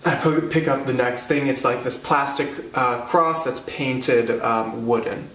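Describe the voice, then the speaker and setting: Picked up by a distant mic in a roomy space with a faint hum, a comedian rambles through a self-deprecating stand-up story stuffed with fillers. He speaks in a mid-range voice with a fairly bright tone, a little slowly and with few pauses.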